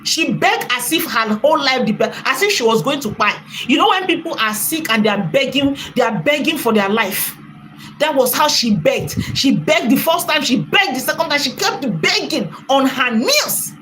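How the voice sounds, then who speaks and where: Lady ranting on her channel, high voice, mocking, bit of hiss behind. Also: expressive, moderate pace, fairly bright tone, rough recording. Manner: mocking, heated, switches to sarcastic mock crying. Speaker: channel host. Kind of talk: reaction commentary.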